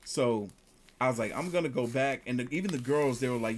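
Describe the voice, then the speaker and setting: A man telling a casual story, lively, jumping higher when he quotes people. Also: a little fast, a little hiss or hum. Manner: animated, jumps up in pitch when quoting others.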